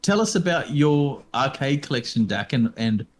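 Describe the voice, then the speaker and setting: A man's voice: mid-range voice, sing-song, moderate pace, a little hiss or hum. Aussie guy about 50, mid voice, um-ing a lot as he tells it. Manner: hesitant, lots of ums. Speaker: podcast co-host. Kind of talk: casual chat.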